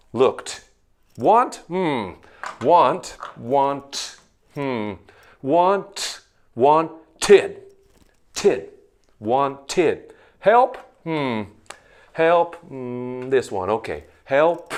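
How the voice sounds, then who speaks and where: Male English teacher, drill-sergeant delivery, very slow and deliberate, lively swooping pitch. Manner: barked commands, slow drilled word lists. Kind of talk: drill-sergeant pronunciation lesson.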